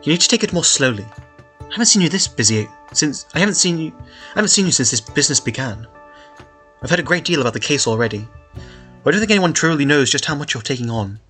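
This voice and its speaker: A fussy, motherly female troll who gently chides, as a man reads her lines aloud. The voice is bright and forward, with faint music in the background. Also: fairly high pitch, lively intonation, fast talker, pitched above the performer's own voice. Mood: chiding. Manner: chiding, gently scolding.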